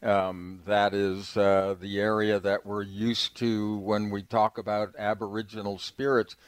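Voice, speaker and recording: A man's voice: on the low side, little pitch movement, measured pace, clear, resonant tone, dry recording. A man co-hosting a talk radio show, easygoing and hesitant, with fillers. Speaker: radio co-host.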